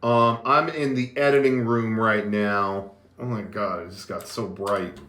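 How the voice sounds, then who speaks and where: A fairly low-pitched man, with a steady, fairly bright tone, talks unhurriedly. He hosts an easygoing livestream from an editing room, chatting to the live chat in a rambling manner with many fillers and false starts.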